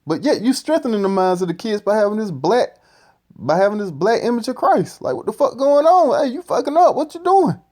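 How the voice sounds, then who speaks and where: A man's voice: sits high, very animated, brisk, darkish tone, pitched above the performer's own voice. A man putting on the voice of an angry boss scolding an underling, in a mocking, exasperated way. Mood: mocking outrage.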